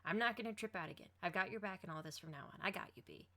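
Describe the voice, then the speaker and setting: A woman voicing an excitable teenage boy, an eager and loyal friend who talks loud, high and bouncy. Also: fast talker. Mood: teasing.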